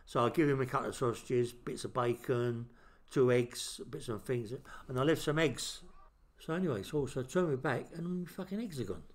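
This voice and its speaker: A man's voice: medium pitch, moderate pace. Swearing man telling stories. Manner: blunt, swearing, animated storyteller. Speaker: podcast host. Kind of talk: casual storytelling chat.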